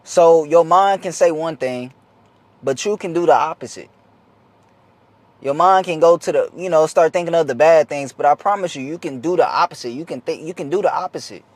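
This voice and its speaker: A man's voice: fairly high pitch, normal speed, no room sound. A young man talking casually to the camera, giving an earnest, slangy, repetitive motivational talk as a vlogger.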